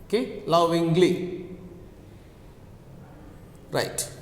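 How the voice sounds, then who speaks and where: A male teacher with a fairly high voice walks through a pronunciation lesson at an unhurried pace, saying each word over and over and spelling out the letters. The recording is roomy and echoey, with a long reverb tail behind him. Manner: slow, repeats each word several times, spells letters aloud. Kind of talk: online English pronunciation lesson.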